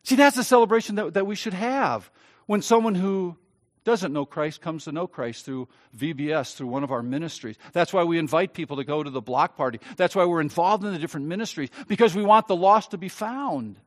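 High-pitched guy pastor preaching, gets loud then drops real quiet. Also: a little fast. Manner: animated, swings between loud emphatic and quiet. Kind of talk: sermon.

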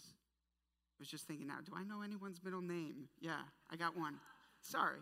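A woman leading a casual, animated Bible study, talking conversationally with playful asides. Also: low voice, normal speed, gravelly. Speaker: Bible teacher. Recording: long hall reverb.

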